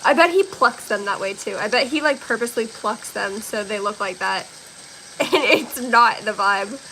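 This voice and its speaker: A woman's voice: mid-range voice, normal speed, sharp tone, slight background noise, low-quality recording. A young woman streaming casually, tired and giggling through her words as she chats. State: overtired. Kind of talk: casual livestream chat while drawing.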